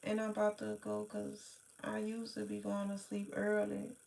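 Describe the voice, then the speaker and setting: A tired, sleepy woman hosting a late-night livestream, chatting slowly with viewers in a rambling, drawling way, sighing and yawning. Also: mid-range voice, monotone, vocal fry, a little mellow. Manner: slow, drawling, rambling talk with sighs and yawns. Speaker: livestream host.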